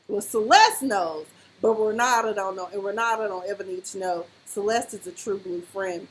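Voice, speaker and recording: A woman's voice: medium pitch, normal speed, slight background noise, poor audio. A woman casually reviewing a TV episode, animatedly acting out the characters' lines as she retells the scenes. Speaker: TV recap vlogger.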